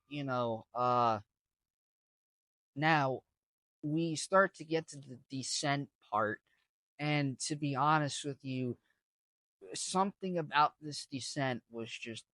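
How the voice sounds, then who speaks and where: A man's voice: fairly high pitch, fairly bright tone, dry recording. A young man casually telling a story, rambling with lots of fillers and restarts. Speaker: vlogger.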